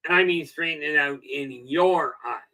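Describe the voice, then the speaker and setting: Middle-aged guy doing a self-help stream, kinda high bright voice, rambly and folksy. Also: moderate pace, poor audio. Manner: folksy, rambling, tells jokes, frequent "okay" and "you know". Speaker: self-help livestream host. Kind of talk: casual livestream talk.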